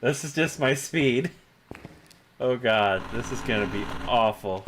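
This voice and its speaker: A man streaming a horror game, chatting about his moves, laughing often and breaking into shouts when things go wrong. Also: mid-range voice, expressive, measured pace, a little hiss or hum. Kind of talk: live gameplay commentary.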